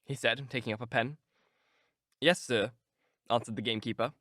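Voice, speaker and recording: A man reading a classic novel aloud in measured, expressive scripted narration on a close mic. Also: medium pitch, no echo. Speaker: audiobook narrator.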